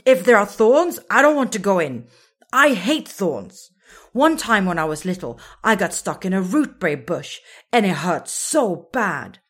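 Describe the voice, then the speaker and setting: A woman voicing a loud, boastful young lioness cub who talks emphatically and excitedly in a storybook reading. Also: on the low side, moderate pace, husky. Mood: stubborn.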